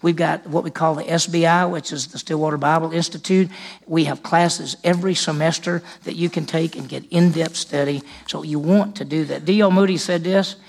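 A man's voice: fairly high pitch, fairly even intonation, normal speed, creaky. A man preaching a sermon in church, retelling a scripture story and acting out its dialogue. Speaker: pastor.

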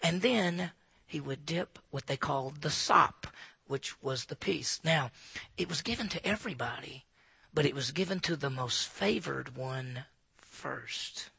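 A man preaching an expository sermon in an animated way, acting out asides in hushed voices. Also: a little high, measured pace, vocal fry, husky, no echo. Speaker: pastor.

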